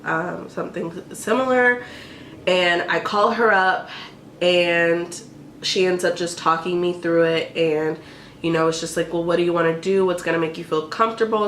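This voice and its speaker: A woman's voice: fairly low pitch, a bit bright. A young woman telling a personal story in a casual vlog, emotional and full of "like" fillers. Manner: emotional, tearful at times, many "like" fillers. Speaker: vlogger. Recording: roomy echo with faint background hiss.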